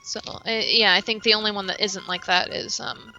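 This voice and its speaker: A woman's voice: medium pitch, fairly even intonation, normal speed, pushed and bright, lo-fi sound, soft background music. A woman as guest co-host on a game stream, chatting casually and hesitantly, with lots of ums. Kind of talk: casual gameplay chat.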